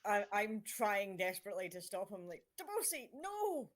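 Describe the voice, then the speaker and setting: A woman's voice: medium pitch, flat delivery, a little fast. A woman playing a tabletop role-playing game, earnestly describing her character's actions. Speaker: player. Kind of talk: casual tabletop play.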